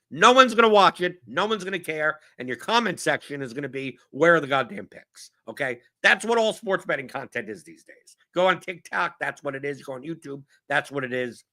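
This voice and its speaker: Gravelly, profane man ranting. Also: a little high, animated, brisk, sharp tone. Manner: blunt, profane, exasperated riffing. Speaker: podcast host answering viewer questions. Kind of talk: casual ranting Q&A monologue.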